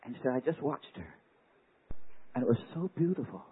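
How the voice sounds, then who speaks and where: A man preaching a sermon, telling a story with dramatic swings from hushed words to loud exclamations. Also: medium pitch, big pitch swings, normal speed, breathy edge. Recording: tinny phone-like recording.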